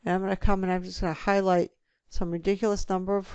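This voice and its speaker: A woman teaching a spreadsheet lesson, talking through each click step by step in a relaxed way. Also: mid-range voice, fast talker, clear, resonant tone, no echo. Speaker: instructor. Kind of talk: screen-recorded software tutorial.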